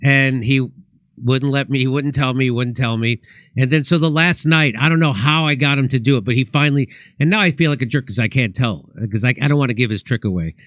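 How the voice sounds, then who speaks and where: A man's voice: medium pitch, brisk, fairly bright tone, dry recording. A man who is a comedian and host, telling rambling comic stories in casual chat, full of restarts and acted quotes.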